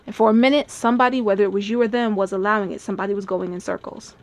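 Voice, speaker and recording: A woman's voice: mid-range voice, steady tone, rapid-fire, no room sound. A woman giving a tarot love reading in a chatty, musing way, often laughing and acting out people's thoughts. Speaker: tarot reader. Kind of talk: channeled tarot reading to camera.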